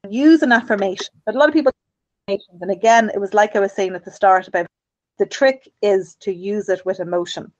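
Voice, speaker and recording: A woman's voice: medium pitch, fairly quick, no room sound. A woman from Ireland talks through self-help advice in an earnest, encouraging way, repeating herself as she goes. Her voice sits in a middle range. The recording sounds a bit dull and lo-fi. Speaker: radio host.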